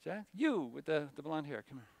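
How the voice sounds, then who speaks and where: A middle-aged man teaching a class in a rambling conversational way, full of restarts and quick "right?" checks to the students. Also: on the high side, big pitch swings, gravelly, no echo. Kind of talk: classroom lecture.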